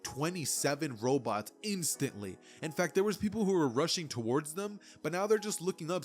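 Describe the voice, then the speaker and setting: Chatty young man narrating a fan story. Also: fairly high pitch. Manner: loose, chatty, many fillers.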